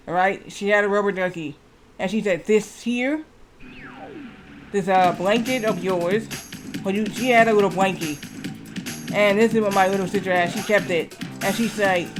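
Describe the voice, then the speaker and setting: A man streaming a game who tells a long, rambling story and keeps repeating "I said" and "she said". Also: sits high.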